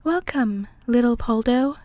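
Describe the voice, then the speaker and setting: A woman's voice: fairly high pitch, animated, a little slow, warm tone, no room sound, studio quality. A woman reading a storybook, speaking as a huge, jovial male ice giant in a grand, welcoming way.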